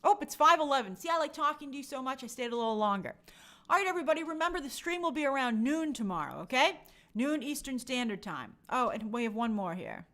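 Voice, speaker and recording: Streamer host: woman, high, lively voice, chatty and friendly with her viewers. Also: fast. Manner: chatty, reads comments aloud and answers them. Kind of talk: casual live-stream chat reading viewer comments.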